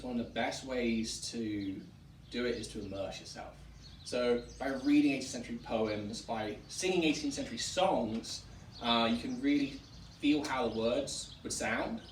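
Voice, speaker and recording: A historic site director from Wiltshire, England, speaks in a mid-range voice at normal speed in a relaxed teaching chat about old rural dialects, lively acting out sample lines to demonstrate accents. Recorded in a historic tavern room with a distant mic, his voice carries room echo over a faint hum of ambience.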